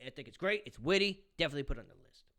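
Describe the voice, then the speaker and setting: A man's voice: fairly high pitch, animated, racing, fairly bright tone. A young man ranting profanely about a movie review in a combative vlog, swinging between mutters and outbursts. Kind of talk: ranting commentary.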